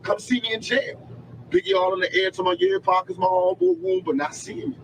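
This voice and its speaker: A man's voice: extremely high pitch, very animated, fast, creaky, a little hiss or hum, low-quality recording. A man giving a heated, profane interview, telling his story emphatically in an archival recording. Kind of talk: candid interview.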